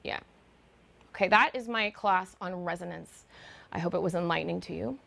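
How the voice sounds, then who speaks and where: A woman's voice: on the low side, moderate pace, creaky, a bit bright. A middle-aged woman vocal coach giving an online singing lesson, chatty and explaining with fillers and demonstrations.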